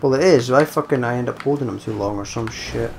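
Young man, mid-pitched voice, let's-play commentary, mutters and swears, loud outbursts, faint background hiss. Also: fast talker, gravelly. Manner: swears constantly, mutters to himself, bursts out loudly at wins. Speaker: gameplay commentator.

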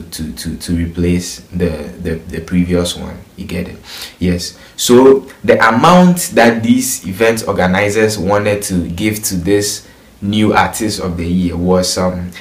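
Low-voiced Ghanaian man gossiping in a roomy space. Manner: chatty, keeps asking "you get it?". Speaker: entertainment vlogger. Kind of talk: casual gossip commentary. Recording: roomy echo.

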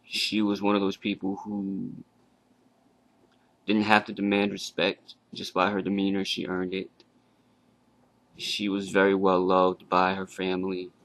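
A young man giving a halting, casual tribute to his late grandmother, with fillers and restarts. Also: low-pitched, completely flat delivery, fairly bright tone. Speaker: grieving grandson.

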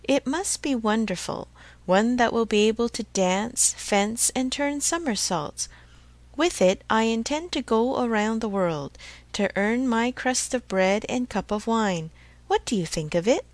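A woman's voice: a little high, lively intonation, a little slow, no room sound. A woman voicing a fiery little old man, a woodcarver, who speaks eagerly and lightly.

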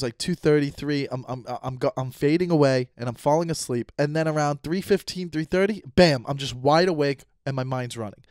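A man's voice: on the high side, a little mellow, no room sound, studio quality. A man in his thirties hosting a solo podcast, rambling and talking to himself with self-mocking asides. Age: 30s. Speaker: podcast host. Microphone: studio mic.

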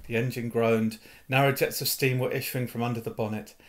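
A man reading a novel aloud in an expressive storytelling manner. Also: medium pitch, fairly quick. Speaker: reader. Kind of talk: audiobook narration of a novel.

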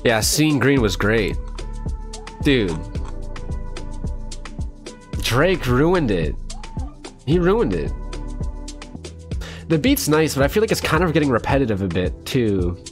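A man's voice: medium pitch, sing-song, slow, long pauses, soft background music. A young man giving a casual first-listen reaction to an album, blunt and candid, often saying "dude" and swearing freely. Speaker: music reaction streamer.

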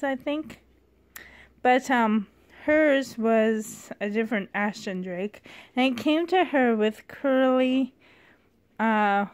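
Lady chatting slow about her dolls, kinda high voice, rambly and gushy, says sorry a lot. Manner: rambling, gushing and apologetic. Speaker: doll collector vlogger. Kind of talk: casual show-and-tell vlog.

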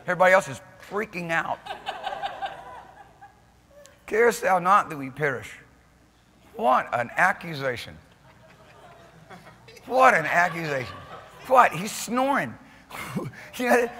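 Male pastor, fervent sermon delivery with quiet-to-shouting swings; bright, high, reverberant church room. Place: church sanctuary.

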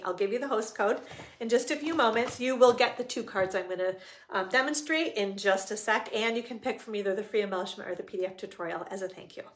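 A woman's voice: mid-range voice, fairly bright tone. A middle-aged woman hosting a live stamping demo, chatting casually and rambling with fillers as she works. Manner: chatty, rambling, self-talk with fillers and little laughs.

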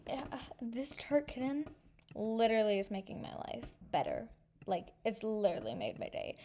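A woman hosting a gaming video, gushing and excitable with frequent gasps, thanking her viewers warmly. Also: mid-range voice, slight background noise. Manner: sentimental thank-yous to viewers. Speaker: gaming channel host. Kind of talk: casual gameplay commentary.

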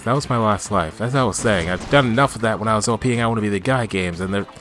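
A man doing let's play commentary, swinging between chatty self-talk and loud, swearing outbursts at the game. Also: fairly low pitch, fast, faint music behind. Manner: excitable, yelling and swearing at the game.

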